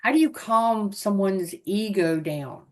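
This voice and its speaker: A woman's voice: medium pitch, slow pace, darkish tone. A woman interviewing a guest, thoughtful and asking questions with some fillers. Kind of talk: interview conversation.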